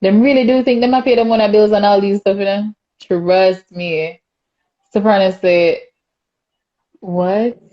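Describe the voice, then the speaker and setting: On her casual talk show, a young Jamaican-accented podcast host reads out viewer comments, laughing frequently and staying animated and chatty. She speaks at normal speed in a medium pitch, and the sound is lo-fi.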